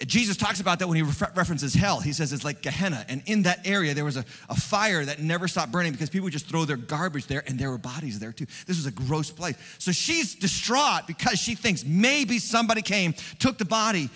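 A man preaching an Easter sermon as pastor, animated and swinging from hushed tones to loud ones. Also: fairly high pitch, a little fast, few pauses, long reverb tail. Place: church.

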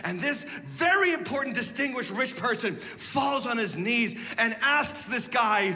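Male pastor, high bright voice, animated sermon with shouts and hushed asides, reverberant hall. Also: unhurried, few pauses, faint music behind. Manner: animated, swings from shouted emphasis to hushed asides, leads call-and-response.

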